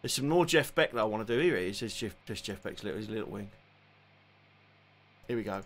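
A man's voice: lowish voice, lively intonation, a little fast, fairly bright tone. A man in his forties with a London accent, chatting casually and joking as he hosts a live guitar stream. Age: 40s. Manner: joking, chatty, self-deprecating.

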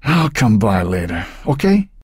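A man doing a police chief who stays calm and firm, measured and soothing yet clearly in charge. The voice is deep and husky, recorded close and dry. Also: no room sound, heavily acted.

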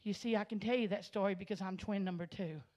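A woman's voice: mid-range voice, steady tone, fast talker. Woman preaching a heartfelt church testimony. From Arkansas. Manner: storytelling, swells to loud passionate preaching. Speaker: guest speaker giving testimony. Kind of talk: Pentecostal sermon testimony. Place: church sanctuary.

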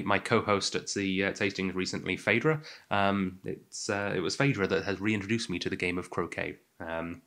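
A man's voice: lowish voice, fairly bright tone. A young man with an English accent hosting a casual whisky tasting, chatty and self-deprecating with many fillers. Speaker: whisky podcast host.

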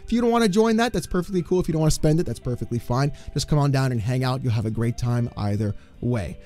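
A man hosting a gaming commentary channel, ranting in an exasperated, mocking way that swings into shouting. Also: medium pitch, fast talker, soft background music.

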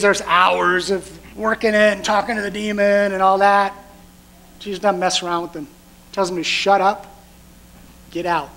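A male pastor with a notably high voice, preaching a sermon. He talks conversationally but with emphasis, and keeps firing rhetorical questions at the congregation. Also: bright, forceful tone, poor audio.

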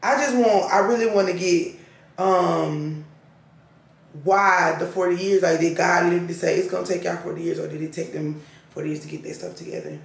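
Woman vlogger, gravelly and chatty, recorded in an echoey room. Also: fairly low pitch, steady tone, fairly quick. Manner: chatty, drawling asides, laughs to herself. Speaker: lifestyle vlogger. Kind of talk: casual chat while reading scripture aloud. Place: at home, indoors. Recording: roomy echo.

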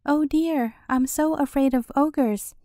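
A woman's voice: high voice, slow, warm tone, dry recording, clean studio sound. A woman voicing a timid female puppy in a storybook, whining and fearful. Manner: whiny, fearful.

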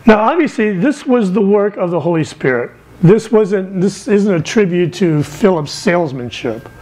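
A middle-aged man giving a lively sermon from the pulpit, telling stories with big swings in his voice. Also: moderate pace, poor audio. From England. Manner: animated, storytelling with wide swings in pitch. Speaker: missionary speaker.

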